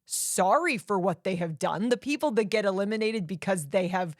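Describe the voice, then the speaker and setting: A woman's voice: medium pitch, expressive, moderate pace, dry recording. Chatty woman podcast co-host, dry sound. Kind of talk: casual movie discussion.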